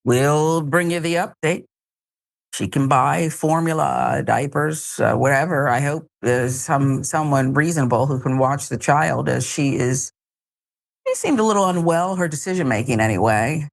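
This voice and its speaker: A woman's voice: sits low, unhurried, vocal fry. A woman hosting a news talk show, giving wry, sarcastic commentary.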